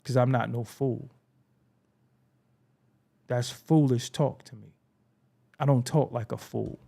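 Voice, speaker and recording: Blunt Brooklyn man, gravelly voice. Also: mid-range voice, steady tone, slow, mellow. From Brooklyn, New York. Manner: blunt, preachy, swears freely. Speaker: show host. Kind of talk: casual commentary monologue.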